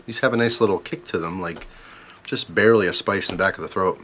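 A man's voice: low voice, fast talker, a bit bright, a little hiss or hum. A young man vlogging at home, chatting wryly as he tastes bugs and talks to his dog. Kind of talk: casual vlog, tasting food on camera. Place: indoors at home, camera on tripod.

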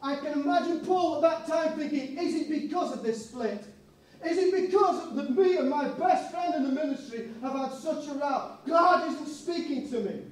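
A man's voice: very high-pitched, normal speed. A man preaching a sermon, telling a story and acting out the people in it. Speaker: pastor. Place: church hall. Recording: echoey church hall, mic far off.

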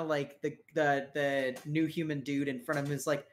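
A man's voice: fairly high pitch, flat delivery, moderate pace, hardly any pauses. A young man narrating a tabletop game as game master, casual and joking with lots of swearing and fillers.

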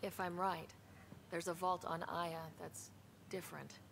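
An earnest young space explorer. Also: female voice, on the low side, flat delivery, unhurried, vocal fry, a bit bright, slight background noise. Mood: steady. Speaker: game protagonist.

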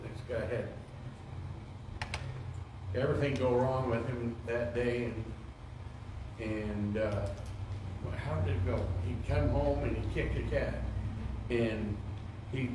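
A man's voice: mid-range voice, steady tone, takes it slowly, long pauses. A man in the class speaking up with a story, hesitant and searching for his words. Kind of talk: casual remark from the audience. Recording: distant voice in a very echoey room with noise.

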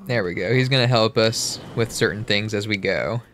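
A man's voice: on the low side, moderate pace, slight background noise. A man co-hosting a gaming video, chatting casually and jokingly while he plays. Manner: goofy, jokey, bursts into loud silly voices. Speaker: gaming channel co-host. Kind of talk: casual let's-play chat.

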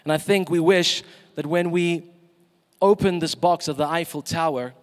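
A man's voice: a little high, steady tone, moderate pace, big-room sound. A man preaching a sermon in a church, emphatic and asking the congregation questions.

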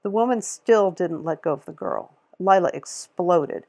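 A woman reading a novel aloud in a steady, measured way, with a gravelly, husky voice. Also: lowish voice. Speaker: audiobook reader.

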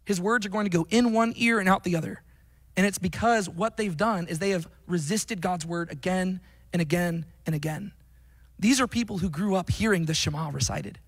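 High-voiced man teaching the Bible. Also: normal speed, rough recording. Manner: earnest, emphatic, often asks "right?". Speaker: Christian teacher.

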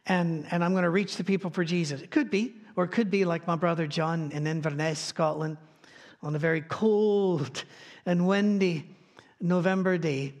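High-voiced pastor telling folksy stories. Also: male voice, steady tone, moderate pace. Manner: folksy storytelling with asides and light humor. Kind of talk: conversational sermon. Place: church.

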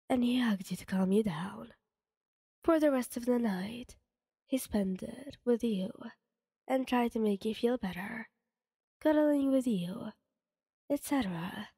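A woman reading her own fan story aloud in a soft, half-whispered voice. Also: on the high side, measured pace, long pauses, slightly rough, no room sound, studio quality, in a large hall.

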